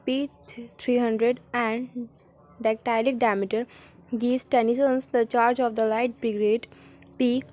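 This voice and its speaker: A woman with a slightly high voice reads a textbook passage on meter aloud. She halts over page numbers and poem titles and restarts words that trip her up. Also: mellow. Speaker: student reader. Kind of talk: reading a poetry textbook aloud.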